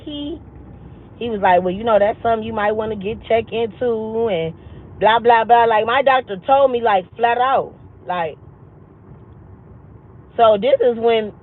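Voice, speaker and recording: Woman, vlog host, high voice, blunt and profane, emphatic repeats, tinny phone-like audio. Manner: emphatic, repeats lines for stress; frank and profane, heartfelt. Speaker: channel host. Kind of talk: candid vlog talk to viewers.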